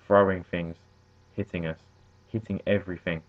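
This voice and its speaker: A man reading a story and voicing a shaken female medic who speaks in halting phrases. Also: low voice, level tone, natural voice. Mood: grim. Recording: tinny phone-like audio.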